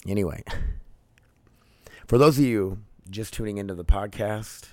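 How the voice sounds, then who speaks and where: A man's voice: fairly low pitch, unhurried, warm tone, no echo. A man in his thirties hosting his own podcast, talking casually and candidly, rambling with many fillers and restarts. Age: 30s. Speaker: podcast host. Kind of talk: casual solo podcast monologue.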